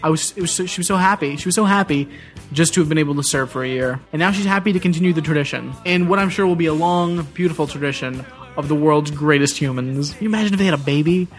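Young male co-host, slightly high voice, dry comic riffs. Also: quick pace, faint music behind. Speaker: podcast co-host. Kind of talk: casual comedic banter.

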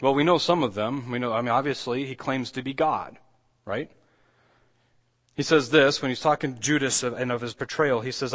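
A man's voice: mid-range voice, a little fast, a bit bright. A man, a pastor, preaching a sermon in a conversational way, with frequent restarts and emphatic rises when he quotes scripture.

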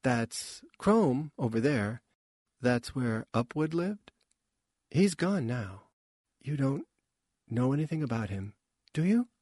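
A man voicing a guarded young woman who guides newcomers, speaking in low, dry murmurs. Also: big pitch swings, slow pace, pauses often, a little mellow, slightly rough, no echo, heavily acted. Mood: wry.

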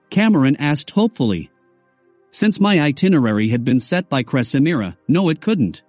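Expressive male story narrator. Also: fairly high pitch, normal speed, no room sound, faint music behind. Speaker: audiobook narrator. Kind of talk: first-person story narration.

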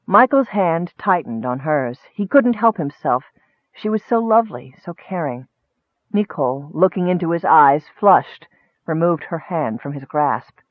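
A man narrating a fantasy audiobook in a measured, expressive way. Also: a little high, no room sound. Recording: dry, tinny, narrow-band.

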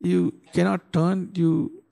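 A man preaching a sermon, asking the congregation rhetorical questions and reading scripture slowly and dramatically. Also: sits high, level tone, gravelly, mellow. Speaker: pastor.

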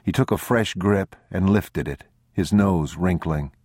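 A male narrator reads literary prose in a very deep, slow, sombre and deliberate voice. The recording is close and bone-dry, with no room sound at all. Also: darkish tone, no echo. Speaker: audiobook narrator.

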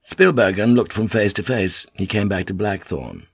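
A man narrating an audiobook in a measured, even manner. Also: on the low side, vocal fry, husky, dry recording, lo-fi sound. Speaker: audiobook reader. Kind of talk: scripted narration.

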